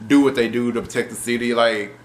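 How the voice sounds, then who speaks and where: A man reviewing a show episode in casual, animated talk, exasperated and profane, with laughing asides. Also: medium pitch, fast, a little hiss or hum.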